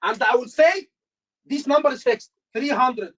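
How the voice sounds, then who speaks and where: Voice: high-pitched, a little slow, fairly bright tone, lo-fi sound. An instructor teaching a live class, repeating key points and quizzing the students with short questions. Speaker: medical exam instructor.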